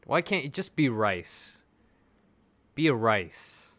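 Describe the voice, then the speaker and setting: A young man live-streaming gacha pulls, begging the game for good results, then turning sarcastic, swinging between loud pleading and flat mutters. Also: medium pitch, slow, pauses often, dry recording.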